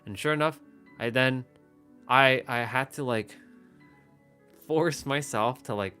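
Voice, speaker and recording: Bright-voiced man chatting on a livestream. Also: medium pitch, slow pace, long pauses, soft background music. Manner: rambling, many restarts and fillers. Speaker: livestream host. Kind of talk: casual live-stream chat. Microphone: phone or webcam, facing camera.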